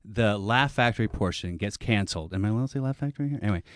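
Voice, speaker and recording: Low-voiced man, rambling comic storyteller. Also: animated, rapid-fire, no echo. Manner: rambling, self-interrupting storytelling with restarts. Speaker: comedian telling a story.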